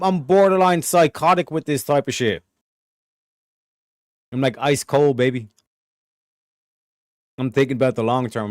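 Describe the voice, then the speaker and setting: A man hosting a show, giving a blunt, profane and animated commentary rant. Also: mid-range voice, no echo, studio quality. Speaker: show host.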